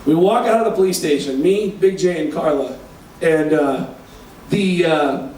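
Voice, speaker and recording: A man doing stand-up on stage, telling an animated, profane story. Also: a little high, measured pace. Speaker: stand-up comedian. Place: live show on a cruise ship. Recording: echoey hall from far off.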